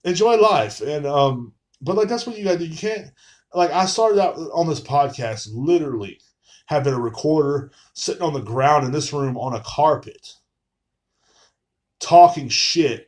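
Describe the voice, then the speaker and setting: Guy ranting into his phone at home, swears a lot, rambly, lots of "you know what i'm saying". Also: medium pitch. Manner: profane, rambling, frequent filler phrases. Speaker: podcast host. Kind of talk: casual rambling monologue. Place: room at home, live stream.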